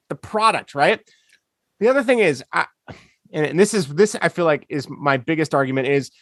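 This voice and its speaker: A man's voice: high-pitched, a bit bright, no echo, clean studio sound. A man co-hosting a podcast, ranting sarcastically in casual chat. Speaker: podcast co-host.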